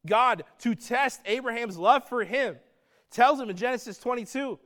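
Earnest high-voiced preacher. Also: male voice, normal speed, sharp tone. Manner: earnest, conversational preaching with rising emphasis. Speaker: pastor. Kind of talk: sermon.

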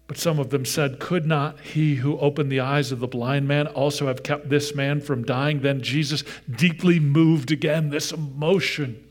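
A male pastor preaching a sermon with earnest feeling. He moves from loud emphasis to hushed, near-whispered softness and speaks straight to the children in the room. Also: a little high, fairly even intonation, moderate pace, few pauses. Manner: addresses children in the congregation directly.

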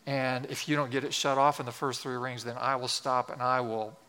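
A male pastor preaching a sermon in an earnest, exhorting way, slowing down to stress key words. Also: mid-range voice, level tone, bright, forceful tone, clean tone. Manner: earnest, exhorting, slows for emphasis.

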